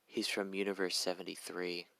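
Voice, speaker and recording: A man's voice: sits low, level tone, normal speed, vocal fry, a bit bright, dry recording. A man voicing a cold, commanding young villain leader in a fan story. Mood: menacing.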